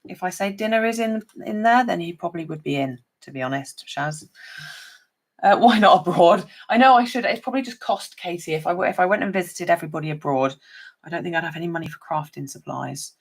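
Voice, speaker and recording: Woman, low gravelly voice, chatty live craft stream, greets viewers by name. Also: a little fast. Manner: chatty, talks to viewers by name while working. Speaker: papercraft demonstrator.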